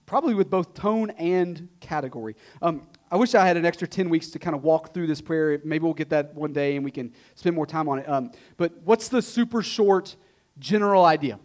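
High-voiced man preaching conversationally. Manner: conversational preaching with rhetorical questions; emphatic repetition. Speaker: pastor. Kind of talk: sermon.

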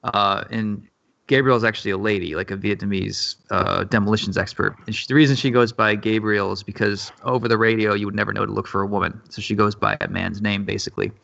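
A man in a casual podcast chat, talking about his comic in a relaxed, rambling way with fillers. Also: fairly low pitch, fast talker, vocal fry. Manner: laid-back, rambling with fillers and laughs. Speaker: comic creator guest. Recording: dull lo-fi podcast audio.

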